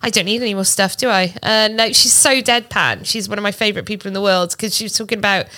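A woman comedian, chatting casually on a podcast and telling quick anecdotes. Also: mid-range voice, sharp tone. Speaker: comedian guest.

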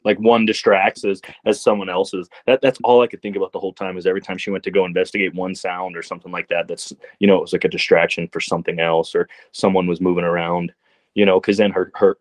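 Deep-ish guy on a podcast, laid back, lots of you know and like, dry sound. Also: brisk, no room sound. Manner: relaxed, rambling, many fillers. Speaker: podcast guest. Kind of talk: casual movie discussion.

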